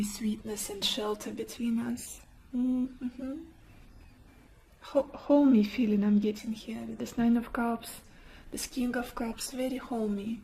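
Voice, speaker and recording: A woman giving a gentle, emotive tarot card reading, whose first language is not English and who often drops into a near whisper. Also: a little high, slight background noise, low-quality recording. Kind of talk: soft-spoken pick-a-card tarot reading.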